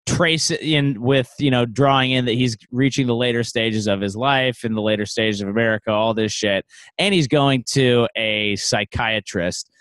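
A man's voice: medium pitch, normal speed, a bit bright, no echo. Man, casual video-call chat, joking, dry close sound. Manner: joking, does goofy mobster voices.

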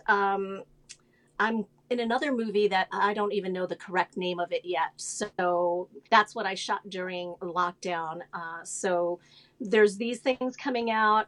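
A woman's voice: mid-range voice, fairly bright tone. A woman, an actress and guest, chatting in an upbeat, chatty way about her work on a remote call. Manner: upbeat, chatty, quick to laugh. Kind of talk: casual interview. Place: home, remote video call.

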